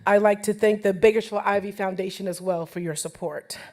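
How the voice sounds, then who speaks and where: A woman's voice: medium pitch, fairly even intonation, fairly quick. A woman in her forties giving an emotional acceptance speech at a banquet, laughing often and joking with the audience. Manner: warm, laughing often, playful asides to the audience.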